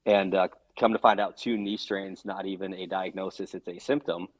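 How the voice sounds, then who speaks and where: A man talking as a podcast guest, telling a story in a casual, earnest and animated way, swearing now and then. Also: low voice, moderate pace, low-quality recording.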